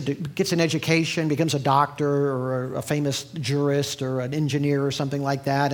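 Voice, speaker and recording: A man's voice: on the high side, creaky. A man preaching a sermon in a conversational teaching manner, with asides and restarts. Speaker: pastor.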